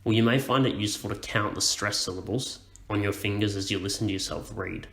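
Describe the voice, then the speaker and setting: A man teaching a lesson, explaining things slowly and clearly. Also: lowish voice, fairly bright tone, roomy sound, slight background noise, low-quality recording. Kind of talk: educational explainer.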